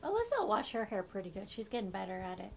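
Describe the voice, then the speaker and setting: A woman, a mother, chatting casually and telling animated stories about her daughter. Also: medium pitch, fast talker, gravelly, faint music behind. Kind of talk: casual chat.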